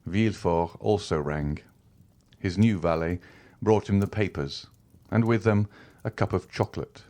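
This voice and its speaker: A man narrating a classic novel audiobook in a measured, even storytelling manner. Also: sits low.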